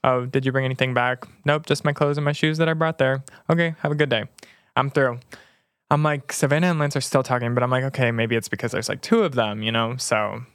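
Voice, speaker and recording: A young adult man co-hosting a casual chat, relaxed and agreeable, with lots of filler words. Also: mid-range voice, a little fast, clean tone, no echo, clean studio sound. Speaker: podcast co-host.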